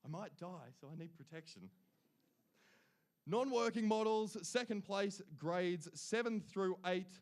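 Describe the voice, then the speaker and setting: Excitable man announcing awards. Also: high voice, a little slow. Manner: enthusiastic, chatty asides between names. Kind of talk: announcing award winners at a live ceremony.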